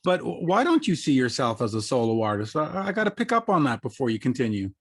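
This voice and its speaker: A man's voice: medium pitch, big pitch swings. Enthusiastic male interview host. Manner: enthusiastic, halting, repeats words. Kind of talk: casual interview chat. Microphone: video call.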